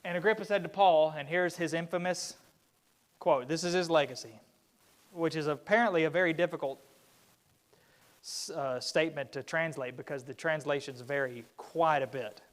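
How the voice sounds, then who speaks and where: A man teaching a Bible study at church, with a voice that sits somewhat high. He talks casually and breaks off to restart his sentences. When he quotes people, he acts them out with more lift. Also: moderate pace. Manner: conversational, with frequent restarts and fillers; acts out quoted speakers in a livelier voice. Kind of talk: Bible class lesson. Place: church classroom.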